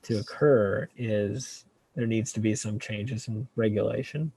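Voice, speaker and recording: Researcher guest, male, low mellow voice, talks loosely with lots of ums. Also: measured pace, husky, no room sound. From California. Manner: relaxed, hesitant, many fillers and restarts. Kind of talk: casual interview answers.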